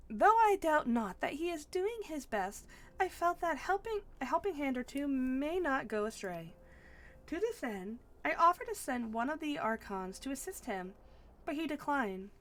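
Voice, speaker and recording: A woman's voice: high voice, sing-song, pitched above the performer's own voice. A woman reading an earnest young heroine. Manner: measured, formal read-aloud delivery with stumbles. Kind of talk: reading game dialogue aloud.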